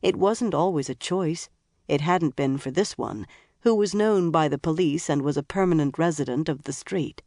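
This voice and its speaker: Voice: mid-range voice, normal speed, darkish tone, no room sound. Dry, close audiobook narrator. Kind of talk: scripted narration.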